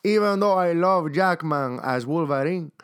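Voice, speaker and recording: A cocky, swaggering tough guy with a heavy Latino Spanish accent, as a man hams it up. He is pushed up high and loud, playful rather than menacing, in a dry, close recording. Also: lively intonation, unhurried, clean tone, dry recording. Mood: hammy. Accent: exaggerated Latino Spanish accent in English. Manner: loud, hammed-up and high-pitched.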